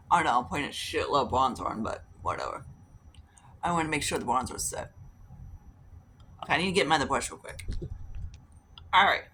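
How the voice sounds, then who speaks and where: Here a beauty vlogger with a deep, slightly bright voice rambles through stories while applying makeup, mimicking other people's lines and swearing casually. A little hiss or hum runs in the background.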